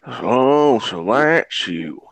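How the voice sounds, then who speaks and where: A man's voice: medium pitch, animated, very slow, no room sound. A laid-back man casually joining a voice chat, swearing offhandedly. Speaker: voice chat participant.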